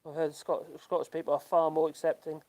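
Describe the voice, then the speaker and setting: Older Norfolk man chatting haltingly. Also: fairly high pitch, little pitch movement, a little mellow. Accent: Norfolk English. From Norfolk, England. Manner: rambling, halting, with frequent ums and laughs. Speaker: livestream host reading chat. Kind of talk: casual chat.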